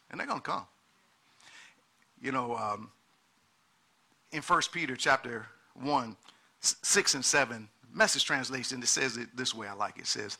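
A male pastor preaching a sermon, swinging from quiet, low passages to shouted peaks and urging the congregation on with repeated exhortations. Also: normal speed, creaky, long pauses, breathy edge.

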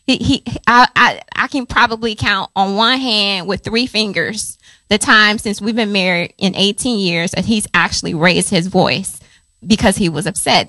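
A woman in her forties tells a personal story from the pulpit with chatty, animated energy. Her voice is bright and fairly high, recorded close and dry with no room sound. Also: no room sound. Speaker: pastor's wife, co-speaker. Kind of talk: personal testimony in a sermon.

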